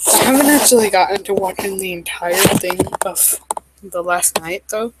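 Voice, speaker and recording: A woman vlogging in a casual, rambling way, with lots of "like" and "um", quick asides and apologies. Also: mid-range voice, very noisy.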